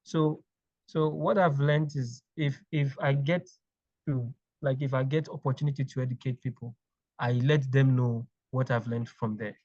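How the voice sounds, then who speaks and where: Man from Ghana, interview guest, halting and repetitive delivery, mid pitch, dry muffled remote audio. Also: fairly even intonation, darkish tone, no room sound. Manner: halting, repeats words while thinking. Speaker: clinical engineering manager, guest. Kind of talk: interview conversation.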